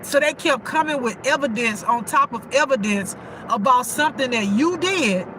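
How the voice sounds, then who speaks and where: A woman's voice: high voice, expressive, moderate pace, noisy background. A woman giving a casual intuitive spiritual reading, emotional and repetitive, with frequent cursing.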